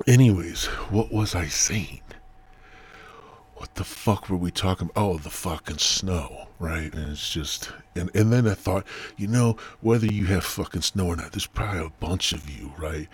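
A man from the United States with a low, heavily husky voice, rambling through a casual podcast monologue. He swears freely and often loses track of what he was saying. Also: measured pace. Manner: rambling, profane, loses his train of thought. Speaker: podcast host.

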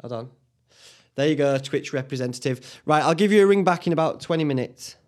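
A man's voice: fairly high pitch, lively intonation, a little fast, darkish tone. A man hosting a podcast on his own from a small home studio, rambling chattily, swearing casually and laughing at himself. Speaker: podcast host. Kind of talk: casual solo podcast chat.

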